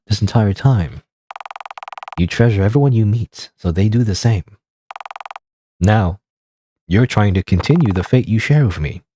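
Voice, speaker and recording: A man reading aloud the lines of a gentle, protective male spirit from a game, in his own voice. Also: fairly low pitch, a little hiss or hum. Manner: reads game dialogue aloud plainly.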